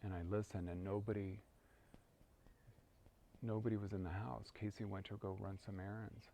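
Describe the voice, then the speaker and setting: Gravelly low-voiced man leading prayers. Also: normal speed, slight background noise. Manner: calm, reflective, chants prayers. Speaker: spiritual practice teacher. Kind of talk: guided prayer and personal story.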